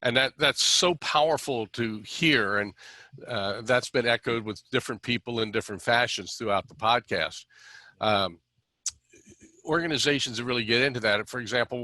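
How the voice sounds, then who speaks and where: A man's voice: mid-range voice, bright, forceful tone, no echo. A middle-aged man hosting a podcast interview, talking conversationally, affirming his guest and adding a little dry sarcasm. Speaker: podcast host.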